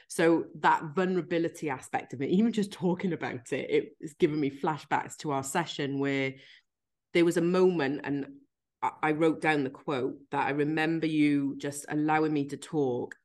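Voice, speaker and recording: A woman with a low voice hosts a candid podcast chat. She talks frankly and with feeling, pokes fun at herself and swears now and then. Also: normal speed, darkish tone. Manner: frank, emphatic, self-deprecating, swears casually; recounts a tearful therapy session. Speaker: podcast host.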